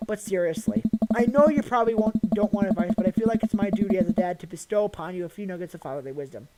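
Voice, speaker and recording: A woman voicing a kind, joking father who gives earnest, gentle advice. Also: mid-range voice, quick pace, faint music behind, natural voice, poor audio. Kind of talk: voicing a visual novel character.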